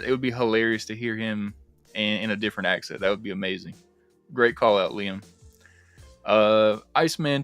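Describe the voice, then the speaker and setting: A young man hosting a casual movie-discussion livestream, talking in an animated, rambling way with plenty of swearing and fillers. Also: fairly low pitch, no echo. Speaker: livestream host.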